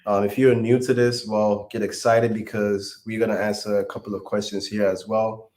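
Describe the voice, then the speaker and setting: A man speaking as a guest on a live stream, calm and even. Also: on the low side, normal speed. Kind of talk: casual chat.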